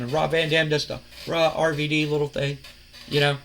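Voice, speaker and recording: Guy rambling through his wrestling sim save, kinda high pitched, fillers everywhere. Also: level tone, moderate pace, vocal fry, a bit bright. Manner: rambling storyteller acting out quoted lines, with fillers. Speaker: game commentator. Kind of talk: casual play-by-play retelling of a wrestling sim.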